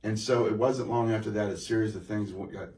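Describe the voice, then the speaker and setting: Halting deep-voiced man telling his testimony. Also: fairly even intonation, darkish tone. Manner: halting, rambling storytelling with many restarts and fillers. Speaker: guest giving a testimony. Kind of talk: personal testimony conversation. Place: church room. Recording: echoey room, mic at a distance.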